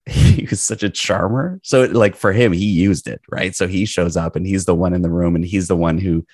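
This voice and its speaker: A man around forty, a podcast guest telling stories from his childhood in an animated, rambling way. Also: sits low, normal speed, husky, dry recording, clean studio sound. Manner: animated, rambling storyteller with fillers. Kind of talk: storytelling in casual conversation.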